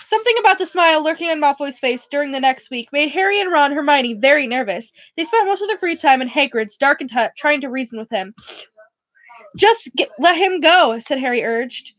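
A woman's voice: high-pitched, lively intonation, quick pace, few pauses, a bit bright, no echo. A young woman reading a novel aloud, often stumbling and correcting herself. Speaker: reader.

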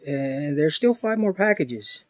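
Slow-talking man unboxing knives, awestruck. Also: a little high, no room sound. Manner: slow, excited, awestruck exclamations. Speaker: knife collector vlogger. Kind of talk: unboxing narration.

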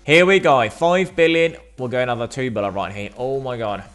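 A man doing excitable gameplay commentary as a gaming video host, swearing often and calling viewers bro and mate. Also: mid-range voice, brisk, faint music behind. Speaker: gaming YouTuber.

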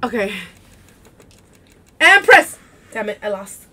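Excitable high-voiced woman gaming. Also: slow pace. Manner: excitable, shrieks and laughs often. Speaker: gamer playing on stream. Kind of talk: casual gaming commentary.

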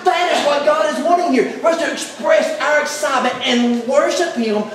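Exuberant pastor in an echoey hall. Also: male voice, very high voice, moderate pace, recorded from a distance, noisy background. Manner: exuberant, emphatic, builds to shouts. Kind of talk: sermon. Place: large echoey church hall.

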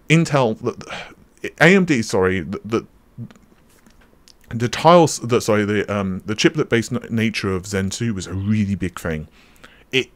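Rambling low-voiced man chatting about tech. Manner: rambling, many fillers and self-corrections. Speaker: tech channel host. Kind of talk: casual unscripted commentary.

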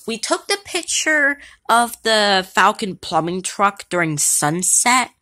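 Bright-voiced woman over-explaining slowly. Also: on the low side. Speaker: player narrating a Roblox story. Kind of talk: fan-made game machinima.

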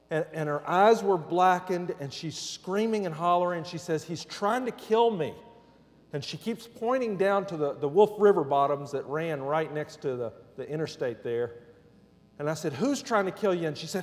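Pastor in his forties, animated storyteller. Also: a little high. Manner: animated storyteller acting out dialogue. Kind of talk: storytelling sermon. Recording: long reverb of a large hall.

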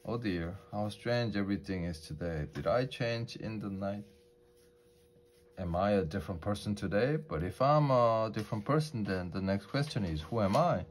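A puzzled, anxious little girl lost in a storybook wonderland, as a man reads her in his own low voice. Her lines come out soft and wondering, close to plain reading. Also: expressive, normal speed, lightly acted. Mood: worried.

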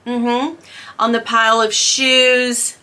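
A woman chatting casually to camera as a vlogger, self-mocking and quick to laugh. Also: on the high side, little pitch movement, pushed and bright.

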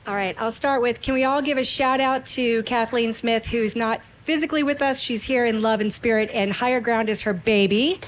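A woman's voice: fairly high pitch, steady tone, moderate pace, few pauses, slight background noise. A middle-aged woman, a longtime recruiter, speaking on a conference panel in a playful, upbeat way. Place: conference room.

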